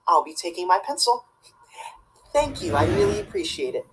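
A woman's voice: on the low side, big pitch swings, moderate pace, background noise. A woman acting a prissy, rule-obsessed teacher's pet student in a comedy sketch, tattling and preaching about the rules. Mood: tattling, indignant. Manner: tattling, self-righteous and preachy.

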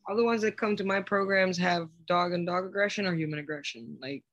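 A woman's voice: fairly low pitch, a little fast, muffled recording. A woman dog trainer giving blunt, emphatic opinions in a casual podcast chat.

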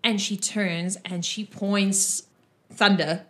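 A woman narrating a tabletop game as game master, in an animated manner with frequent giggles. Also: medium pitch, slow pace. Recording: roomy echo.

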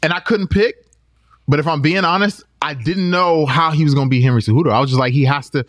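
A man co-hosting a casual podcast, telling stories with animated energy and playful ribbing. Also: fairly high pitch, fast talker, no echo, studio quality. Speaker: podcast co-host. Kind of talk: casual chat.

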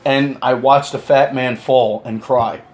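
A man's voice: mid-range voice, fairly even intonation, a little slow. A man telling a comic story in a crude, mocking rant, swearing all the time.

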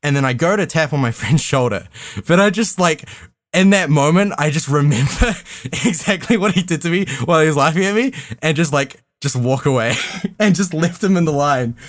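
A young man telling a rambling story to friends on a podcast, halting, full of fillers and restarts. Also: a little high, lively intonation. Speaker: podcast regular. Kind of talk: casual storytelling among friends.

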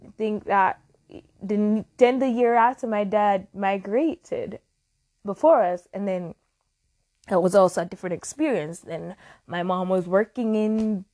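A woman's voice: medium pitch, darkish tone. Rambling young woman podcasting solo. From Jamaica. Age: early 20s. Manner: rambling, reflective, self-correcting. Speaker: podcast host. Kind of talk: casual solo podcast monologue.

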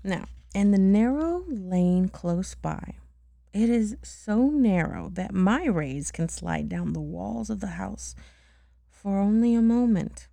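A mother reading a bedtime story aloud to her child, gently and unhurried, with chatty asides. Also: medium pitch, lively intonation, gravelly, no echo.

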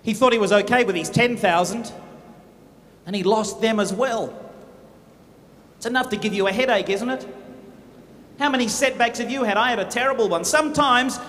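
A man giving a motivational speech at a business event, animated, humorous and dramatic in his storytelling. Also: sits high, moderate pace, pauses often. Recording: echoey hall with faint noise.

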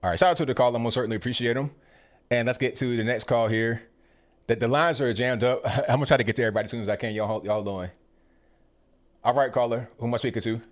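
A man hosts a call-in talk show and keeps things moving at a brisk clip. He chimes in with short agreements and quick thanks. His voice sits at a middle pitch. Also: fairly even intonation. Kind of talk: casual talk radio chat.

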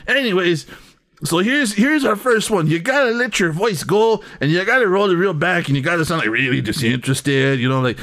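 A man's voice: sits high, a bit bright. A man hosting a comedy bit, talking in a crude, rambling way and laughing at his own jokes. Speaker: comedy host. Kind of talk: improvised comedy sketch.

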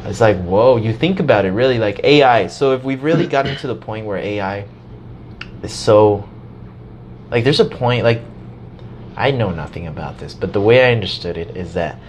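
A man in casual podcast chat, talking in an animated way, swearing and laughing as he tells a story. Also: lowish voice, moderate pace, slight background noise.

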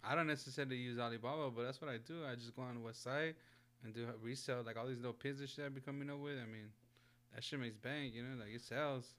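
A man with a bright, forceful voice chats on a podcast as co-host. He is relaxed and slangy, swearing freely. His pitch sits in the middle. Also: fast. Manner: laid-back, slangy, profane. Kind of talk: casual podcast chat.

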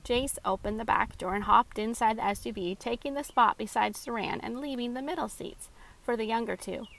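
A woman reading her own children's story aloud, clear and even. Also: a little high, brisk, rough recording.

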